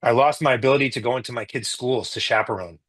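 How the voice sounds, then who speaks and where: Husky middle-aged man, halting and emotional. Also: mid-range voice, fairly bright tone, poor audio. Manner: halting and emotional, with many restarts. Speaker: interview guest, physician. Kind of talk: emotional personal account in an interview.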